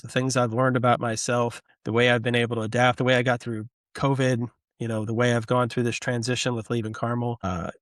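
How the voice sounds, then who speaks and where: A man's voice: mid-range voice, no room sound. A middle-aged man with a mid-range voice talks earnestly and with enthusiasm as an interview guest. His voice is close and dry, with no room sound around it. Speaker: guest, hospitality and club leader. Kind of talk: conversational interview.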